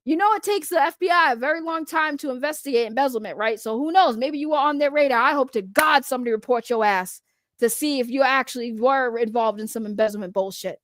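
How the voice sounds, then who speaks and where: A woman's voice: high-pitched, quick pace, fairly bright tone, dry recording, clean studio sound. A woman giving heated, profane reaction commentary as a vlogger, repeating her angry points. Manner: heated, profane, repetitive ranting.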